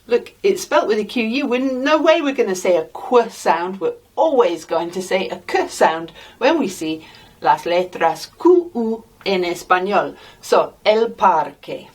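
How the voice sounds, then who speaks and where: An English woman teaching a Spanish lesson, repeating each word slowly and deliberately for practice. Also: medium pitch, animated, far from the mic. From England. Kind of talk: slow, deliberate language lesson.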